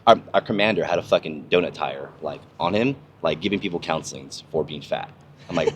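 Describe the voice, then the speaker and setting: A young army veteran hosts a podcast, talking in a brisk bass voice as he rambles casually through stories, swearing and using plenty of fillers. A little hiss or hum sits in the background.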